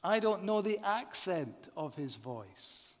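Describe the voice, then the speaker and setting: A man preaching a sermon in a measured way, often asking the congregation rhetorical questions. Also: sits high, big pitch swings. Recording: long reverb of a large hall.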